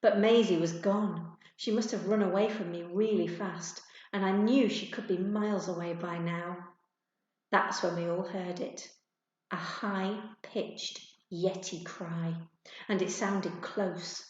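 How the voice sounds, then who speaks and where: A woman reads a children's chapter book aloud in a gentle, expressive storytelling voice. Her voice bounces around a very echoey room. The sound is dull and muffled. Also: mid-range voice, unhurried.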